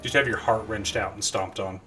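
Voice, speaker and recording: A man live streaming a game, chatting casually and animatedly with his viewers between quick asides. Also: fairly low pitch, fairly even intonation, sharp tone, faint music behind. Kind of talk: casual live-stream chat while gaming.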